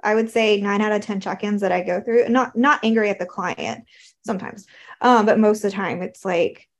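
A woman's voice: medium pitch, moderate pace. A woman from the American South talking through her thoughts in a conversation, thoughtful and hesitant with many fillers. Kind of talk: casual reflective conversation.

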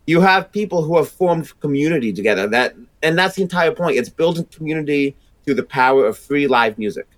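A man's voice: on the high side, lively intonation, fairly quick, no room sound. A man with a Rhode Island accent, a sound engineer guest chatting energetically and rambling with many restarts. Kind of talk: casual chat.

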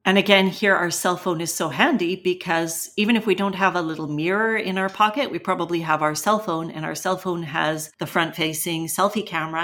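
A woman co-hosting an English-learning podcast, explaining pronunciation and vocabulary clearly and patiently. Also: on the low side, a bit bright. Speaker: English teacher co-host. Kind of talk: educational podcast chat.

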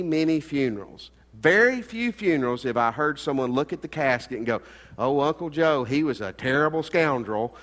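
A middle-aged man preaching a sermon as pastor, earnest, swinging between loud emphasis and quiet asides. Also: fairly high pitch. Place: church sanctuary. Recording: long hall reverb.

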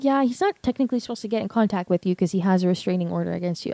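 A woman's voice: medium pitch, level tone, racing, vocal fry, hardly any pauses, dark tone, no room sound. A young woman hosting a podcast, telling a raw personal story candidly, with lots of swearing and fillers. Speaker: podcast host. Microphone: podcast mic.

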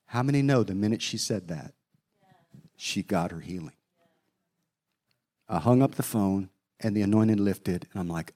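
A man's voice: on the low side, moderate pace, pauses often, warm tone. A middle-aged man preaching a sermon, telling a personal story in a folksy way, with asides to his listeners.

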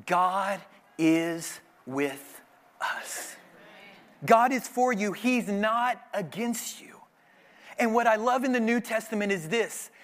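A man with a fairly high voice delivers a church sermon. He tells the story vividly and jumps into quick acted voices for each character. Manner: animated storytelling, acting out voices. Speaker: pastor.

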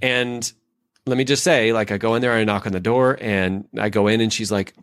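A man's voice: lowish voice, normal speed, dry recording, clean studio sound. A man co-hosting a podcast, telling a family story in a loose, casual way full of fillers and acting out the lines people say. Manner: animated storyteller who acts out quoted lines; loose, filler-heavy phrasing. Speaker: podcast co-host and leadership expert.

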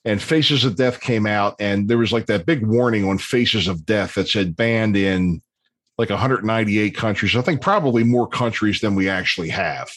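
Rambling, lower-voiced man in his fifties. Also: moderate pace, no echo. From Baltimore area, USA. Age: 50s. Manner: rambling storyteller, many ums and restarts. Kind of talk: casual chat.

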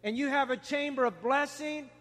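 A man preaching a sermon with emphatic, repeated key lines. His voice sits high for a man, and a long reverb hangs behind him in the church hall. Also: moderate pace, fairly bright tone.

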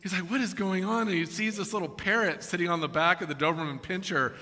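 A man's voice: fairly high pitch, quick pace. Man preaching a sermon in an echoey hall. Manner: storytelling, animated, chuckling asides. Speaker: pastor.

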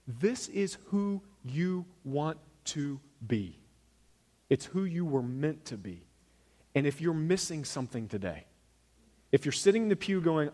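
A pastor preaching a sermon in a church, talking to the congregation in a conversational way that swings from loud emphasis to quiet asides. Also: male voice, on the high side, lively intonation, unhurried. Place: church sanctuary.

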